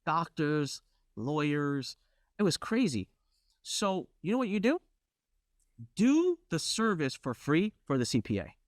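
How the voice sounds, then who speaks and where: A middle-aged man hosting a workshop, telling a brash, competitive story with lively asides. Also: on the high side, unhurried, pauses often, no room sound, studio quality. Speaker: workshop host.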